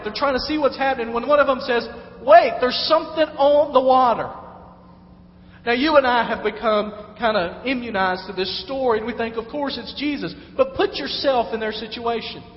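A man's voice: extremely high pitch, fairly quick, hardly any pauses. A man preaching a sermon in a conversational way, now and then acting out the voices of people he quotes. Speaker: pastor. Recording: echoey hall, dull lo-fi sound.

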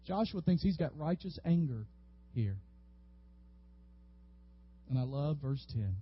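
A man preaching a sermon as a pastor, lively and animated, sometimes acting out the people in the story. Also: fairly high pitch, slow, long pauses, breathy edge. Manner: animated, acts out biblical figures with rising voice. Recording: dull, slightly lo-fi audio.

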